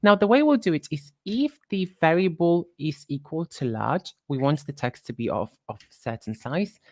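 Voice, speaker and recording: A woman presenting a live software tutorial, talking while she clicks through screens and quickly corrects her own slips. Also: deep voice, lively intonation, no echo, studio quality.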